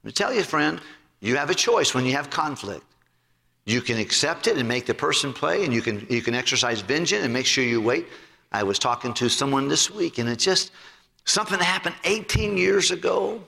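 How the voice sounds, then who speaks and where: A male pastor preaching a sermon in an animated, emphatic way. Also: fairly quick, creaky. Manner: animated, emphatic, swooping pitch. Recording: long hall reverb.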